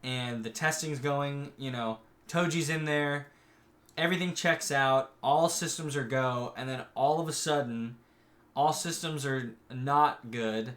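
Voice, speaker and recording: A man co-hosting a podcast in casual chat, recapping episodes and acting out the characters' lines in quick put-on voices. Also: mid-range voice, fairly bright tone. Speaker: podcast co-host.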